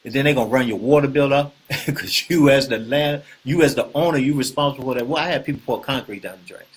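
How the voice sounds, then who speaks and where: A man hosting a casual real estate talk, animated and preachy, often repeating himself and asking the viewers questions. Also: medium pitch, quick pace, breathy edge. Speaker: host.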